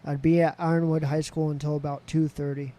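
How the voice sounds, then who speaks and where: A candid man telling a story on a podcast, his voice mellow and a little higher than most men's. He speaks in an even, level tone without much swing. A faint background hiss sits under him. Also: fairly quick. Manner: candid, swears freely, voices others in quotes. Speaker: podcast guest. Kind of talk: casual storytelling.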